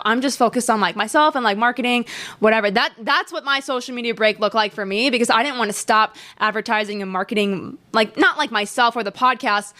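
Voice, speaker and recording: A woman's voice: mid-range voice, sharp tone, no echo. A young woman hosting her own podcast, talking candidly and animatedly in a casual solo chat, often laughing. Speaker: podcast host.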